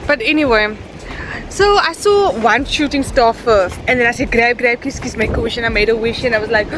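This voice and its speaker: A woman's voice: fairly high pitch, normal speed, noisy background. Chatty South African woman vlogger. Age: 20s. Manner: chatty and candid, swears, laughs often. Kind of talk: casual vlog chat. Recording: music playing underneath.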